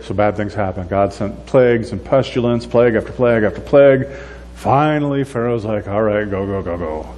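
A man's voice: medium pitch, in a large hall. A man giving a conversational sermon as a pastor, acting out the voices of the people in his story. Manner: conversational, animated, acts out voices of complainers.

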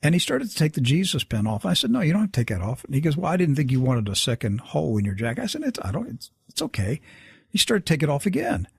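Husky, lively-voiced man telling a story. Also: on the high side, rapid-fire, hardly any pauses, no echo. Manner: animated, acts out quoted dialogue. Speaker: guest storyteller. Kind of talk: casual spoken storytelling.

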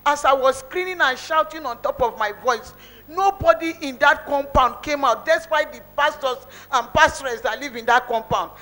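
A woman's voice: sits high, normal speed, bright, forceful tone, rough recording. A woman giving a spoken testimony in church, telling her story earnestly, with emotion and many repeats.

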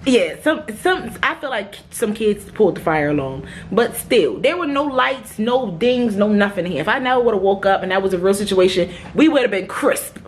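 Young woman vlogging, animated and fed up, curses a lot, phone mic with faint hiss. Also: medium pitch, normal speed, few pauses. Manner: animated, exasperated, swears freely. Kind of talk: casual vlog chat. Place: hotel room at night.

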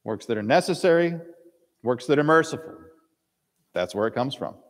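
A man's voice: medium pitch, animated, moderate pace, big-room sound. A male pastor giving a sermon, reading scripture aloud and acting out the characters' lines in dramatic voices.

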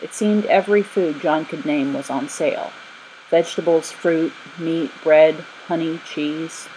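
A woman narrating a children's story in an expressive reading. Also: low-pitched, a little slow, a little hiss or hum, poor audio.

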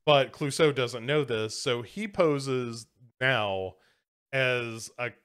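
A man's voice: mid-range voice, slow pace, fairly bright tone, clean tone. A man co-hosting a movie podcast, walking through a film's plot step by step with frequent "um" and "like". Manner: methodical plot recap, hesitant fillers and restarts. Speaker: podcast co-host. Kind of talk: casual movie chat.

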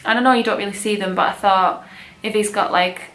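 A woman's voice: mid-range voice, fairly even intonation, a little fast, a bit bright, echoey room. A young woman, chatting casually and gushingly as a vlogger about baby clothes she bought. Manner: chatty, gushing, many likes and ums. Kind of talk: casual haul chat.

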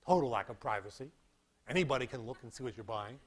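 Lively man lecturing on physics. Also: medium pitch, fast talker, breathy edge. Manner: animated, acts out beeping sounds and demonstrates with props. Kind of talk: classroom lecture. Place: lecture hall.

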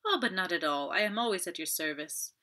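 A woman's voice: on the low side, animated, fairly quick, sharp tone. A woman voicing a fussy, self-satisfied older French magistrate in an audiobook, pompous and prone to sighing.

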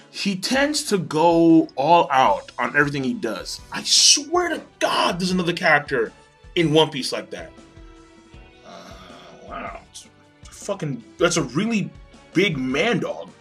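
Excitable, profane man with a bright voice. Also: a little high, a little slow, slightly rough, soft background music. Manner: excitable, profane, laughs often. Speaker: manga reaction host. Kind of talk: casual live reaction, reading aloud.

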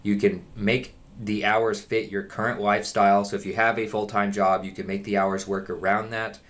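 A man's voice: lowish voice, level tone, normal speed. A man giving a casual walkthrough of an online job listing, reading parts aloud and explaining them. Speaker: online jobs vlogger. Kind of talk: casual screen-share walkthrough.

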